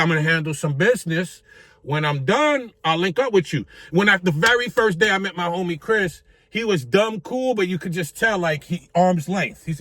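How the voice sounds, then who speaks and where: A man's voice: fairly high pitch, no room sound. A man telling a story in casual street slang, swearing freely and acting out what people said. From Puerto Rico. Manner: animated, profane street slang, acts out quotes. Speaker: vlogger telling stories.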